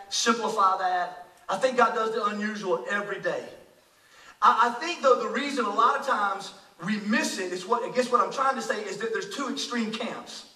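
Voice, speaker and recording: A man preaching a sermon as pastor, emphatic and quick to repeat and restart his words, with rhetorical asides to the congregation. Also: high-pitched, pushed and bright. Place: church sanctuary. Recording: echoey church hall, voice picked up from a distance.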